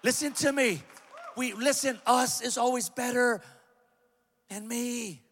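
A male pastor preaching a sermon to a large church, impassioned and humorous, building up to shouts. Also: very high voice, takes it slowly, a little hiss or hum. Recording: long hall reverb.

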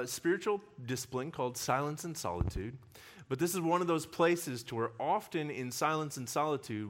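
A male pastor preaching a sermon with personal stories, telling them in an animated way and laughing often. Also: mid-range voice. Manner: animated storyteller who laughs often while talking.

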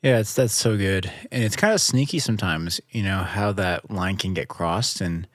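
Church elder, man, lowish voice, dry close recording, chatty and reflective. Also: normal speed, no room sound. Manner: reflective, chatty, acts out dialogue. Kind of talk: casual discussion.

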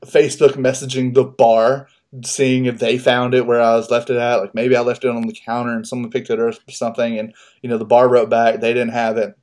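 A man's voice: medium pitch, darkish tone. Laid-back man telling a profane story. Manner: loose, profane, laughs at his own story. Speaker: podcast co-host. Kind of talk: casual storytelling chat.

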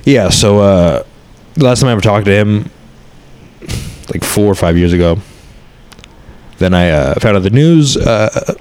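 A man's voice: lowish voice, lively intonation, measured pace, long pauses, a little mellow, clean tone. A man in his thirties, a comedian, talking candidly and rambling in a casual chat, swearing often.

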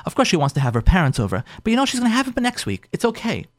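A man's voice: high voice, huge pitch swings, rapid-fire, no echo, clean studio sound. A man hosting a talk show as a rabbi, giving marriage advice emphatically, repeating phrases and acting out what spouses say.

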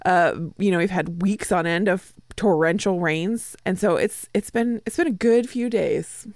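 A woman from Washington state co-hosts a podcast, chatting in an easygoing way with plenty of fillers. Her voice sits fairly low for a woman, and the sound is dry and close. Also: moderate pace, no room sound. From Washington state, USA. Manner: relaxed, chatty, many fillers. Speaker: podcast co-host. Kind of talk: casual chat.

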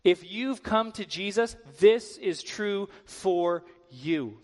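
A guest preacher with a fairly high voice gives a slow-paced sermon in a church sanctuary, his words ringing with a long reverb. His delivery is relaxed and conversational, full of casual filler words.

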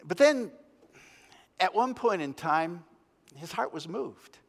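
A male pastor preaching a sermon as a story, dramatic, swinging between loud and hushed. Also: sits high, animated, slow pace, gravelly, pauses often, in a large hall. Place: church.

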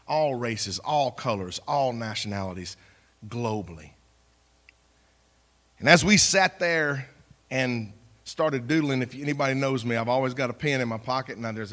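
A man's voice: mid-range voice, a bit bright. Folksy preacher man. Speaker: pastor. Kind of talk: church sermon.

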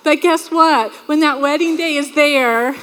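A woman delivers a sermon from a church stage, telling lively stories and slipping into quoted voices. Her voice sits high, and the sound carries a long reverb from the hall. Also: measured pace, a little hiss or hum. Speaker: preacher.

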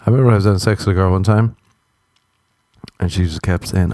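A young Irish man tells self-deprecating comic stories in a casual monologue, jumping into silly high voices when quoting people. He speaks fast with fairly even intonation, pausing often, in a warm tone with studio-quality sound and no room noise.

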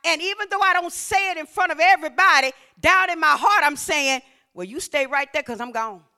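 High, bright-voiced woman preaching. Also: fairly quick. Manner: call-and-response, builds to shouting. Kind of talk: sermon.

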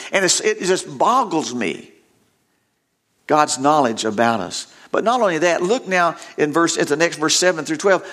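A man's voice: high voice, pushed and bright. An older man preaching a sermon, reading scripture aloud and pressing his points by repeating words with rising emphasis. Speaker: pastor.

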